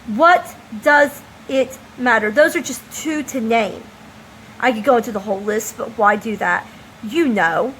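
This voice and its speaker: A woman's voice: a little high, fairly bright tone, a little hiss or hum, poor audio. A woman from the United States speaking an emphatic, impassioned opinion monologue as a vlogger. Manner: impassioned, emphatic, slow deliberate delivery.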